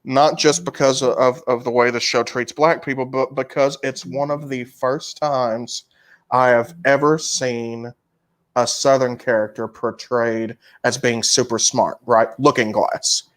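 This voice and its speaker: A man's voice: medium pitch, flat delivery, unhurried, fairly bright tone. A man co-hosting a podcast, recommending books and films in casual chat with an emphatic, profane manner. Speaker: podcast co-host.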